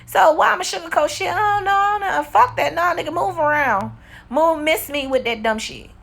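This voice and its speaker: A woman in her forties telling a storytime vlog in a blunt, profane, animated way. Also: very high voice, a little fast, creaky. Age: 40s. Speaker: vlogger. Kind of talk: casual storytime monologue.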